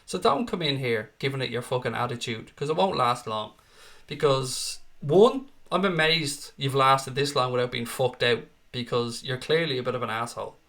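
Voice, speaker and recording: With a creaky, fairly bright mid-range voice at normal speed, a young Irish man hosts a laid-back live stream. He reads out what viewers type in chat and answers bluntly, cursing a lot.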